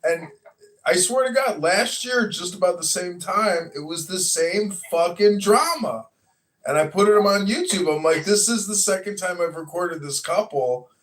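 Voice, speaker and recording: A man hosting a podcast in casual chat, animated, swearing and acting out what others said. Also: high-pitched, moderate pace. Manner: animated, swears, acts out quotes loudly. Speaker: podcast host.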